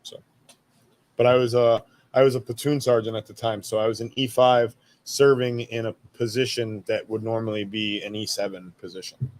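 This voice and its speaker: A man's voice: lowish voice, steady tone, moderate pace, a little mellow. A man in his thirties, an army veteran guest, telling stories in a laid-back way, swearing freely and laughing at his own jokes. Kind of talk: casual storytelling interview.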